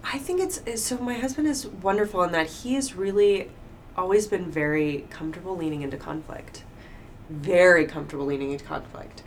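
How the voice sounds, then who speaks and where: Low-voiced woman telling stories animatedly. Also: a little fast. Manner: open, animated storytelling with acted-out quotes. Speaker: guest. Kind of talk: casual conversational interview. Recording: faint background noise.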